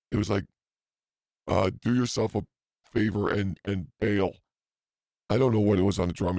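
Man, 50s, podcast host, low voice, rambling, profane, self-mocking asides. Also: gravelly, darkish tone, no echo. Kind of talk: casual rambling storytelling.

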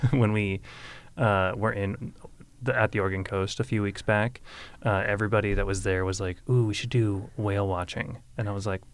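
A man's voice: lowish voice, level tone, normal speed, clean tone. A man chatting on a podcast, telling wry stories and laughing. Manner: wry, storytelling, laughs often. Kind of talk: casual chat.

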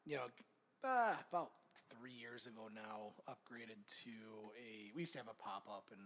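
A man hosting a casual podcast, talking in a halting way with many restarts. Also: medium pitch, lively intonation, fairly bright tone, slight background noise. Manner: halting, lots of fillers and restarts. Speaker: podcast host. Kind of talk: casual chat.

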